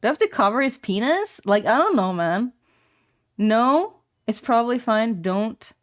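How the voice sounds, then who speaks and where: A woman's voice: fairly high pitch, lively intonation, measured pace. A young woman streamer chatting casually, rambling in a laid-back way, swearing and laughing often. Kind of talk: casual chat.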